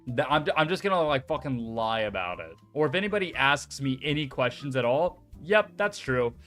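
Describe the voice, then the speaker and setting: A man's voice: medium pitch, expressive, a little fast, a bit bright, faint music behind. A young man chatting casually on a stream, rambling and joking and swearing now and then. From United States. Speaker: VTuber streamer. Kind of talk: casual chat.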